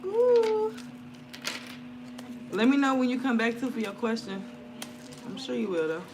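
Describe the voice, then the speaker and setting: Streaming live from home beside an open window, a tarot reader and spiritual content creator chats loosely with her viewers, using slang and swearing freely as she reads the cards. Her voice sits on the high side and she talks briskly. Outdoor noise drifts in through the window.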